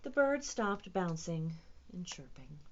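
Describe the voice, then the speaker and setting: A woman lively children's librarian. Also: lowish voice, takes it slowly, highs cut off. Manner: expressive, playful reading to young children. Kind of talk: children's storytime reading aloud.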